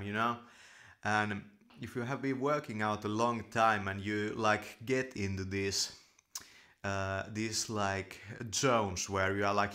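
Slow gravelly man with a bright tone. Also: fairly low pitch. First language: Finnish. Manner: filler-heavy, many "like" and "you know". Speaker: podcast host. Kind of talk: casual rambling monologue.

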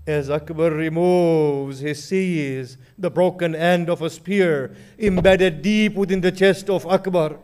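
A man preaching a Muharram lament sermon, recounting in a slow, mournful, drawn-out way. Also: high voice, steady tone, darkish tone.

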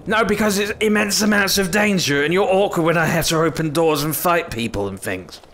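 A man makes a gaming YouTube video, his comedic commentary scolding an in-game companion with exasperated fussing. His voice is a little high, fairly bright, animated, and fairly quick, with slight background noise.

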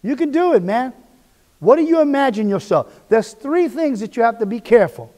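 A man preaching from the pulpit in a notably high voice. He drives his points home by repeating them and speaks the lines of inner voices aloud. A long reverb trails his words through the church. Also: sing-song, brisk, mellow. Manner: emphatic, repetitive preaching with quoted inner voices. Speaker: pastor. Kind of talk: sermon.

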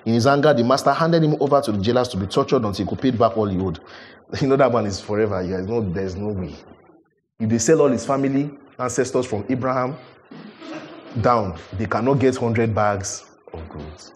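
Man, sermon, medium-pitched voice, animated delivery, rising emphatic peaks, rhetorical questions. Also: fast talker. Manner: animated, rises to emphatic peaks, laughs and asks the listeners questions. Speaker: preacher.

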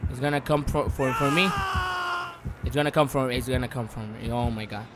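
A native Spanish speaker livestreams a horror game at a brisk clip, excitable and cursing, lurching from loud outbursts to low muttering. Music blares behind him, and the recording is very noisy.

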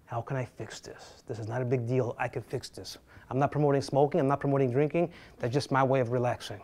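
A middle-aged man teaching a real estate class in a lively lecture style. He is animated and dramatic, acting out panicked agents and joking with the students. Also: medium pitch, fast talker.

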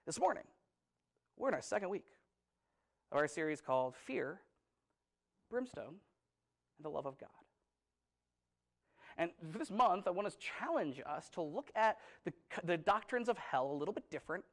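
A man's voice: sits high, lively intonation, moderate pace, pauses often, low-quality recording. A man preaching a sermon as pastor, conversational and emphatic, often repeating himself for stress.

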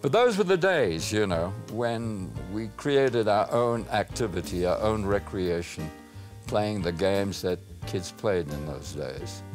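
An older man with a South African accent, telling stories from his childhood and career in a lively way. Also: lowish voice, slow, over music. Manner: lively storytelling, mimics voices. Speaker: radio personality. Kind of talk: reminiscing interview.

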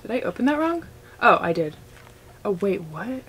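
A chatty young woman vlogger gushes over the products she unboxes at home. She talks casually, with lots of fillers, at a mid pitch for a woman. A faint hiss sits in the background. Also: very animated, moderate pace. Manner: gushing, chatty, many fillers. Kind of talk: casual vlog, makeup and unboxing chat.

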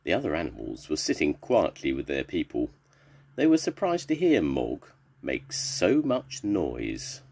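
An older man reading a children's storybook aloud in a slow, expressive way. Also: slightly rough. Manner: slow and expressive, with lots of pitch swings.

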